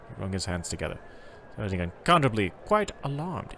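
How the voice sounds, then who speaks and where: A man streaming a travel game, reading its text aloud and chatting casually, in an animated, self-correcting way. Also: on the low side, a little fast, slight background noise.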